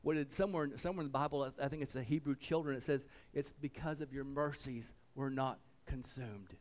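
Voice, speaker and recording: A man preaching a sermon as pastor, swinging between loud fervent passages and hushed reverent ones, repeating phrases and calling out "come on.". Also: medium pitch, fairly quick.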